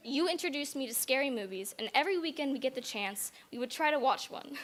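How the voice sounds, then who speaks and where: A teenage girl reads her thank-you speech in a synagogue sanctuary, her voice a touch high. She giggles nervously between lines and fights to keep from crying. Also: lively intonation, fast, few pauses, fairly bright tone.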